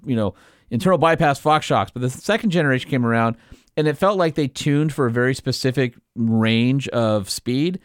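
A man co-hosting a casual podcast, talking through technical points with real enthusiasm. His voice is smooth and resonant, and the sound is dry and close. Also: mid-range voice, no room sound. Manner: detailed and technical, excited. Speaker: podcast co-host.

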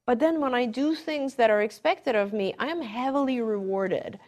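A middle-aged woman, a behavior therapist, explaining her work in a conversational webinar and reacting warmly. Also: a little high, normal speed.

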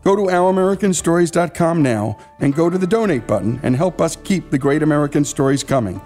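Male radio host, mellow voice, earnest appeal over soft guitar. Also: fairly high pitch, expressive, fast talker. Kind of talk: radio narration and donation appeal. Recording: faint guitar music behind. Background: faint guitar music.

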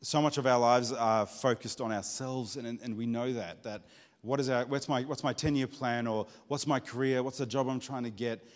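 A man's voice: mid-range voice, fairly even intonation, moderate pace. A man preaching in a conversational, earnest way, his voice sitting in a middle register. He often doubles back on words mid-sentence as he works toward his point. His voice carries a long reverb, like a large church hall. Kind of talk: sermon.

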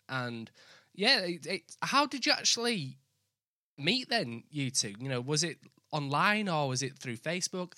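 Bright-toned man with a Northern English accent. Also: medium pitch, dry recording, clean studio sound. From north of England. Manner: easygoing, asks follow-up questions. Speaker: host. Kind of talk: casual interview chat.

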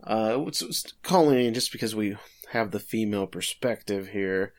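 A man's voice: lowish voice, animated, moderate pace. A man co-hosting a podcast, casually recapping an episode with filler words and light chuckles. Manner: laid-back summarizing with filler words and chuckles.

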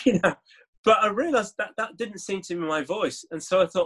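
A man, a guest author telling stories in an interview, animated and laughing often. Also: sits high, normal speed, husky. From Leeds, England. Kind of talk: interview conversation.

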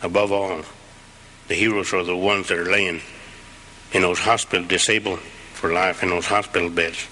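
Low, forceful middle-aged man. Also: level tone, normal speed, long pauses, a little hiss or hum, low-quality recording. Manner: earnest, plain-spoken, heartfelt. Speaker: veteran speaker. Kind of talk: recorded speech retelling a war story.

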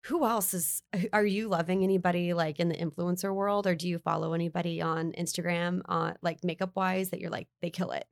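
A woman's voice: lowish voice, fairly even intonation, fairly quick, creaky, hardly any pauses, dry recording. A woman in a casual interview chat, talking candidly and chatty with lots of "like". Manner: chatty, candid, uses "like" a lot. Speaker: beauty writer and guest.

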